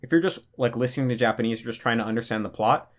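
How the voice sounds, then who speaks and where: A young man talks through viewer questions in a relaxed, rambling way. He leans on "like" and "you know" and often restarts mid-sentence. His voice sits at an ordinary middle pitch for a man. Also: racing. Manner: loose, filler-heavy, lots of "like" and restarts. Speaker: language-learning channel host. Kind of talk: casual Q&A monologue.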